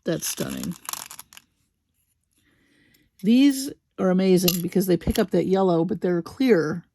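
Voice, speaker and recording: Woman, unboxing chat, unhurried drawl, low-pitched, gushing exclamations. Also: animated, vocal fry, slight background noise. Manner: gushing, slow and admiring, soft exclamations. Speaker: crafting video host. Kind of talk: unboxing commentary.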